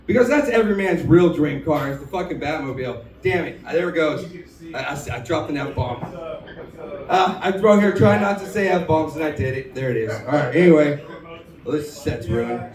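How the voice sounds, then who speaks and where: A man with a drawl works through a stand-up set in a bar, his voice sitting high as he pokes fun at himself. The sound is roomy and echoing, picked up from far off in the room. A crowd murmurs clearly behind him. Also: expressive, moderate pace. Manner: self-deprecating, drawling joke delivery. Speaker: stand-up comedian. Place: bar stage. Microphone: handheld stage mic.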